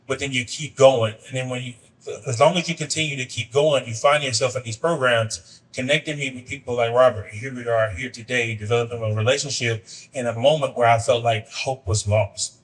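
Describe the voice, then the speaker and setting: A man's voice: medium pitch, steady tone, brisk, recorded from a distance, rough recording. Rambling man hosting a podcast. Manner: loose, rambling, uses many fillers. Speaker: podcast host. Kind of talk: casual interview.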